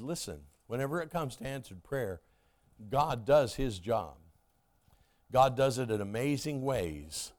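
Male pastor, mid-range voice, conversational sermon delivery, punches key phrases, drops to quiet asides. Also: mid-range voice. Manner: emphatic, varies pace and loudness; conversational asides and self-corrections.

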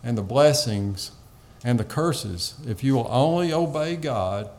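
A man's voice: medium pitch, expressive, measured pace, darkish tone. Earnest man preaching a sermon. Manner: earnest, pleading Bible teaching with fillers.

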